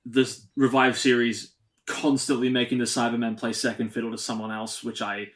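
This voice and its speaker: A man's voice: medium pitch, little pitch movement, moderate pace. Man co-hosting a chatty review podcast. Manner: steers the talk and wraps up the episode. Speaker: podcast co-host. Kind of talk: casual chat reviewing episodes.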